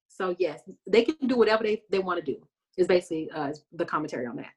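A woman's voice: lowish voice, quick pace, slightly rough. A woman co-hosting a casual chat, recapping a TV episode and acting out lines from it. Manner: animated storytelling, acts out characters' lines. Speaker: podcast co-host.

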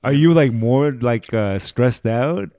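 A man hosts a casual chat, asking probing questions in a relaxed, teasing manner. His voice sits in a middle pitch, and the recording is close and dry. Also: takes it slowly, no room sound. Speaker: podcast host.

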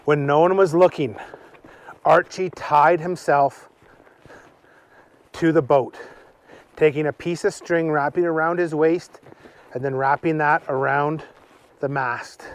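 A man telling an improvised children's story slowly while outdoors on a hike. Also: a little high, fairly even intonation. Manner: slow, unhurried storytelling.

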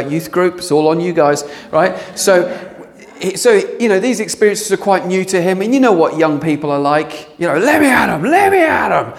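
Guy preaching a sermon, fairly high voice, chatty, cracks jokes at the crowd. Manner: conversational, joking with the room.

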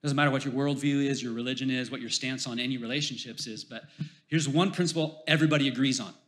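A man preaching a sermon, animated, swinging from loud emphasis to hushed lines and telling jokey stories. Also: mid-range voice, fast. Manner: jokey storyteller. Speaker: pastor.

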